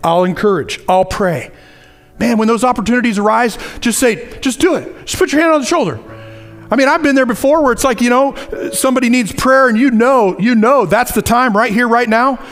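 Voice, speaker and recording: A man preaching a sermon in a conversational, animated way, acting out little asides as he goes. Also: very high-pitched, a little fast, faint music behind.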